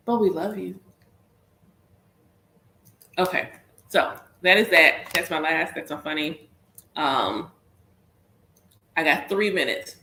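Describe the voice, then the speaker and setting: A woman's voice: low voice, pushed and bright. A woman with a Southern US accent chatting casually as a spiritual reader on a livestream, talking in loose, repetitive circles and addressing listeners as y'all. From Southern United States. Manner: chatty, repeats herself, calls listeners y'all. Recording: roomy echo.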